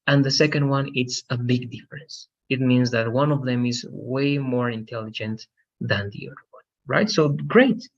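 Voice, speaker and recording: A man's voice: medium pitch, moderate pace, dull audio. A man teaching an English lesson on a video call, explaining patiently and often checking with "right?". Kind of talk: online language lesson.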